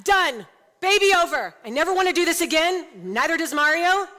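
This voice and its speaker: High bright woman telling a lively story. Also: brisk. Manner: animated, laughing often, acts out scenes. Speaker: ministry founder speaking at a women's event. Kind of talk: comedic personal storytelling talk. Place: large event hall before an audience. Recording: long hall reverb, faint ambience.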